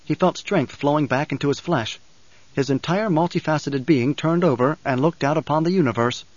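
A man narrating a novel in a measured, even storytelling manner. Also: a little high, no echo, muffled recording. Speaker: audiobook narrator. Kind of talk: scripted narration.

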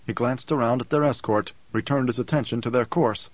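A man narrating an audiobook in a steady storytelling manner. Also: medium pitch, fairly quick, few pauses, dry recording. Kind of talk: scripted narration. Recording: dull dry close recording.

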